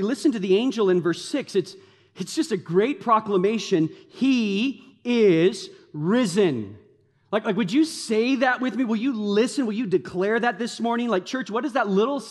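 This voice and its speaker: A man preaching a sermon as a pastor, telling stories in an animated way and leaning on "like" as a filler. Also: very high voice. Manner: animated storytelling, many fillers like "like". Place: church sanctuary. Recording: long hall reverb.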